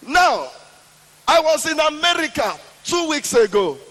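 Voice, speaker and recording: A Nigerian man tells stand-up stories in a very high voice with slow, deliberate, drawn-out emphasis. His Nigerian accent is clear throughout. A long reverb from a big hall trails each phrase. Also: very animated, bright, forceful tone. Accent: Nigerian English. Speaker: stand-up comedian. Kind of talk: stand-up storytelling. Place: large hall with a live audience.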